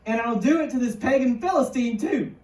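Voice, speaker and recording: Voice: mid-range voice, fairly quick, a little mellow, lightly acted. A woman voicing a bold young male shepherd in a sermon retelling, speaking casually and confidently. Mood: determined. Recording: roomy hall, mic far off.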